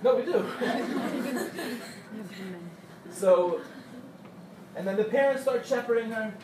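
A man teaching a Torah class to young women, telling parables with animated, acted-out quotes and light joking. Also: extremely high pitch, normal speed. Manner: animated storyteller who acts out quotes and jokes with the audience. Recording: echoey room, distant mic, faint hum.

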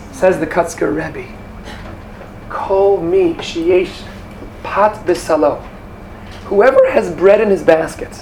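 A man with a high voice delivers an animated Torah lesson. He fires off rhetorical questions and drops Hebrew terms into his talk. Faint room noise sits behind him. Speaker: Torah teacher. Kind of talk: Torah class.

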